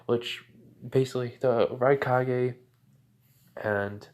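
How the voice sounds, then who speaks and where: A man's voice: mid-range voice, fairly even intonation, moderate pace. A young man casually retelling a fan-made story, rambling with many fillers and restarts.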